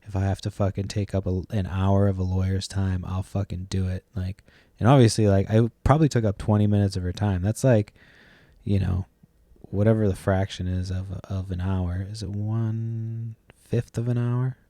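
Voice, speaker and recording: Deep and dark in tone, a young man hosts a podcast at a normal speed and fairly even intonation. His long story wanders loosely, full of swearing and trailing "like" and "blah, blah" fillers, with no room sound in the recording.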